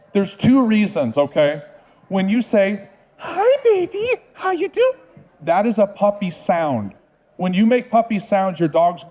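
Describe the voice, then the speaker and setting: A dog trainer speaking to an audience, confident, direct and persuasive. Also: male voice, fairly high pitch, a little mellow. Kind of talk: talk to an audience.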